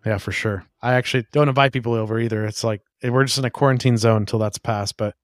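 A man's voice: medium pitch, steady tone, no room sound. A man hosting a podcast, chatting casually and eagerly. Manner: eager, rapid, enthusiastic talk. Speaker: podcast host.

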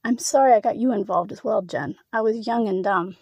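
A woman's voice: medium pitch, a little fast, creaky, darkish tone, slightly rough, no room sound. A woman voicing a flustered young man who stammers, pleads and protests. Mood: pleading.

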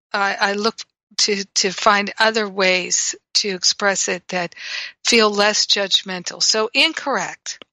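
A woman's voice: mid-range voice, creaky, bright, forceful tone, no echo, low-quality recording. A woman teaching in a reflective spiritual talk, telling stories and acting out her own reactions. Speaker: spiritual teacher and radio host.

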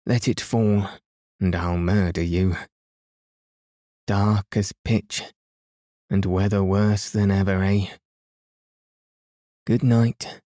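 Brief: man voicing a sour toy merchant, low and muttering, storybook reading. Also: fairly even intonation, takes it slowly, pauses often, mellow, dry recording, clean studio sound. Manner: muttering, curt.

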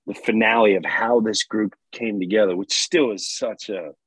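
Male host, husky voice, lively anecdote-teller, acts out the voices. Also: lowish voice, normal speed, dry recording. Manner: animated, acts out voices in anecdotes, laughs often. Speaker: podcast host. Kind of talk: storytelling in casual conversation.

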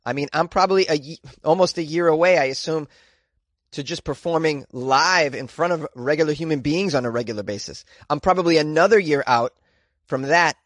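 A man's voice: a little high, a little fast, fairly bright tone, no echo, studio quality. A man, a comedian, hosting a daily news podcast with wry, sarcastic asides between stories.

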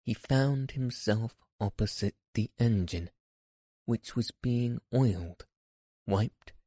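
Male narrator for a storybook audiobook, slow and measured, dry close sound. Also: mid-range voice, dark tone, no echo.

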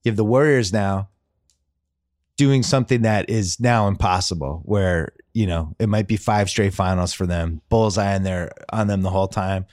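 A man hosting a casual sports podcast, animated and quizzing his guests. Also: moderate pace, dry recording, clean studio sound. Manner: animated, quizzing guests, lists names with rising pitch. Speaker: podcast host.

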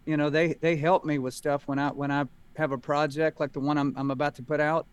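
A man's voice: on the high side, level tone, fairly quick, smooth. A middle-aged man, a guest telling stories in a folksy, easygoing way on a talk show. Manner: folksy, drawling storyteller. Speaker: guest, country singer. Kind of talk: casual talk show chat.

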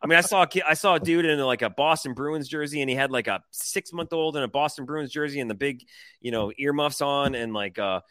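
A man from Detroit, podcast co-host, telling an excited, rambling story in casual chat with lots of fillers. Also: fairly high pitch, brisk, no echo.

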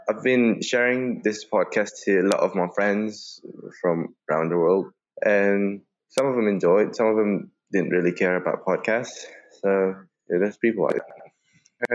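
A man from Malaysia leaving a rambling, unsure voice message for a podcast. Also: sits low. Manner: rambling, unsure, self-deprecating. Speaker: listener sending a voice message. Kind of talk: casual recorded voice message. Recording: dull lo-fi voice message.

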